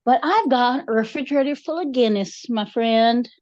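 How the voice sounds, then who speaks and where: A podcast co-host, this woman chats casually and tells folksy family tales in a drawl, doing voices for the people in them. Fairly high-pitched and a little mellow, she talks at normal speed. The sound is lo-fi, with no room sound.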